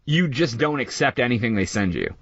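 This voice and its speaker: Podcast host dude rambling and swearing, lively pitch, dull dry lo-fi sound. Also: male voice, brisk, slightly rough, no echo. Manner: rambling, profane, full of "like" and "dude". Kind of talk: casual chat.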